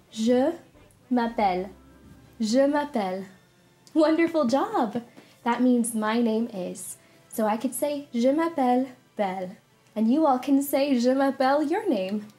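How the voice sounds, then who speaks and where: A woman's voice: high-pitched, darkish tone. A young woman playing a kind storybook princess, telling a story and teaching children in a sweet, cheerful, teacherly way. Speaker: party character performer.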